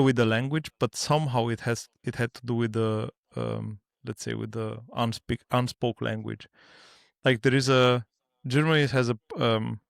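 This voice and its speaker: A man's voice: medium pitch, creaky, dry recording, clean studio sound. A man speaking as a podcast guest in casual conversation, in non-native English, often restarting and searching for words.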